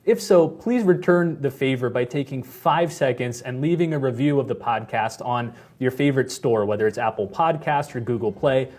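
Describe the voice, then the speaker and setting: A man in his thirties hosting a podcast, speaking in a friendly, measured way as he asks questions and closes the episode. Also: medium pitch, darkish tone. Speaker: podcast host. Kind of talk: podcast conversation and outro.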